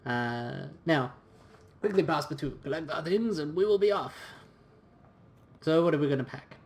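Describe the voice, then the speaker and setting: A man's voice: a little high, moderate pace. A man giving casual, chatty let's-play commentary and reading game text aloud. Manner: casual and chatty, with fillers and restarts. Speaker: game streamer.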